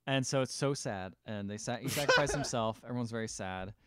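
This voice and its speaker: A man's voice: brisk, pushed and bright, a little hiss or hum. Rambling man recapping a movie. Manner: rambling, jokey, acts out lines in high silly voices. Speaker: podcast co-host. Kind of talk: casual chat recapping a film.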